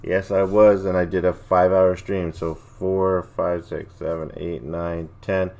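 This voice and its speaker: Low-voiced man chatting on a livestream. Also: flat delivery, unhurried, darkish tone. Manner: rambling, laid-back, reacts to chat. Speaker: livestream host. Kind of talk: casual chat reading viewer comments.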